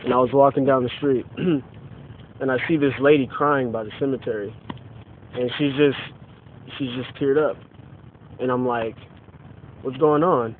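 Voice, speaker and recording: A young man, drunk, telling a rambling deadpan story to friends late at night, recorded on a phone outdoors. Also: mid-range voice, moderate pace, long pauses. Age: young adult. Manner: rambling, deadpan, many "you know what I'm saying". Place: outdoors at night, near a car. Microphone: phone camera. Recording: tinny lo-fi phone video with hiss.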